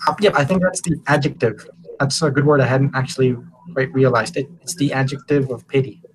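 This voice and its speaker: A man's voice: mid-range voice, fairly even intonation, brisk, a little hiss or hum, poor audio. Man teaching on a video call. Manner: encouraging, hesitant with fillers. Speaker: English teacher. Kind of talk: online class feedback.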